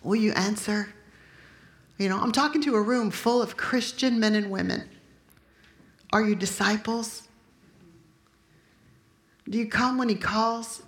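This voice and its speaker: A woman in her fifties giving a sermon with personal testimony to a room of listeners, emotional and loudly acting out her own prayers. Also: medium pitch, a little slow, long pauses, reverberant. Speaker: speaker at a Christian gathering.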